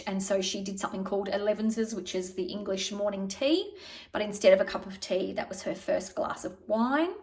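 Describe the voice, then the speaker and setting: A woman's voice: medium pitch, far from the mic. A middle-aged woman vlogging in casual, digressive chat, telling stories. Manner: chatty, digressive, warm storytelling. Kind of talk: casual rambling chat to camera.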